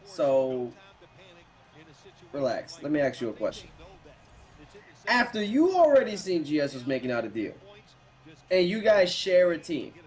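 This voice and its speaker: A man with a fairly high voice that swings up and down in lively turns. He talks in a laid-back, teasing way during casual podcast banter and often laughs along. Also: unhurried, long pauses. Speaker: podcast co-host. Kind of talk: casual chat.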